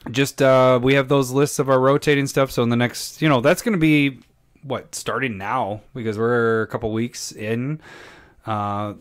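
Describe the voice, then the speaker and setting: A male podcast co-host with a middle-pitched voice talks in a loose, joking way. He laughs easily and wraps up the episode in casual chat. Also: steady tone, moderate pace, clear, resonant tone.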